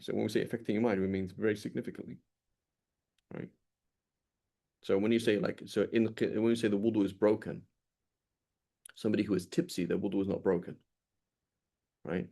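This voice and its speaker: A man teaching a classical legal text in a conversational way, reading passages aloud quickly and then explaining them with many restarts. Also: on the low side, fairly even intonation, vocal fry, warm tone.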